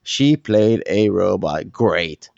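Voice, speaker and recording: A man's voice: low-pitched, expressive, takes it slowly, vocal fry, a little mellow, no room sound, muffled recording. A tipsy man co-hosting a podcast, blunt and profane in a casual film review chat. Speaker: podcast co-host.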